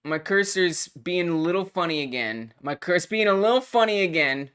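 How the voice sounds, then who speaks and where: A live-stream host playing a game and commenting, excitable, swinging between mock rage and giggly chatter with playful made-up exclamations. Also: mid-range voice, normal speed, clear, resonant tone.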